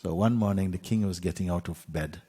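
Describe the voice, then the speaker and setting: Husky deep-voiced male teacher, unhurried storyteller. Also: in a large hall. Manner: unhurried, with soft asides and light laughs. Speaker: spiritual teacher. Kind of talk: storytelling talk.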